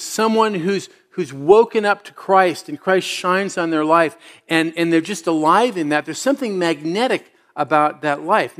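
A middle-aged man preaching a sermon as a pastor, telling stories in a conversational way and building to emphatic exhortations. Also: on the high side.

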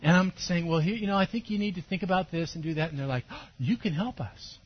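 A man preaching a sermon as a pastor, telling his story with animation and sudden loud bursts. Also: high voice, fast, slight background noise. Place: church service. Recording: dull lo-fi sermon recording.

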